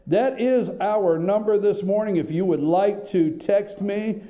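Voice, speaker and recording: A man's voice: sits high, unhurried, hardly any pauses, dark tone. A man hosting a political talk radio show from a small studio, rambling, worked up and sarcastic as he riffs.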